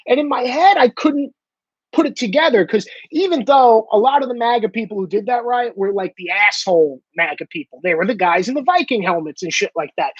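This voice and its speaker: A man delivering a sarcastic, profane comedic rant about the news, mocking people with quick impressions. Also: very high-pitched, slightly rough, dry recording, dull audio. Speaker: commentator.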